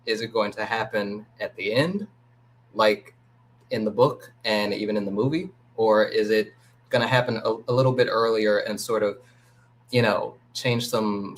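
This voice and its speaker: A man with a fairly low voice weighs in on a fan panel. He speaks in a measured, hesitant way, heard over a video call. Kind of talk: casual fan discussion.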